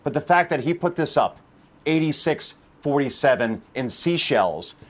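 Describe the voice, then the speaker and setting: A man's voice: on the high side, animated, normal speed. A man from New Jersey giving heated, indignant TV commentary, repeating points for emphasis.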